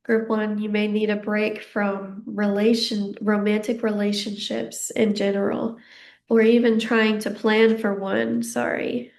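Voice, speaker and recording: A young woman giving a casual psychic tarot reading, a little out of breath, gentle and reassuring as she rambles with fillers. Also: mid-range voice, level tone, measured pace. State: slightly out of breath. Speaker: tarot card reader.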